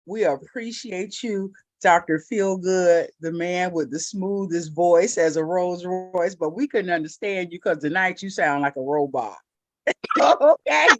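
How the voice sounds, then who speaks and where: A woman's voice: a little slow, darkish tone, no room sound. Woman, talk show host, sassy, playful, casual, dry close mic. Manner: playful, sassy, drops into a mock deep voice. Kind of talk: casual live-stream chat.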